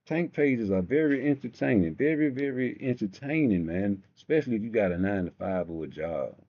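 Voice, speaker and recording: A man hosting a live stream, rambling through profane stories in a casual rant. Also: low-pitched. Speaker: live show host. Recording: dull lo-fi stream audio.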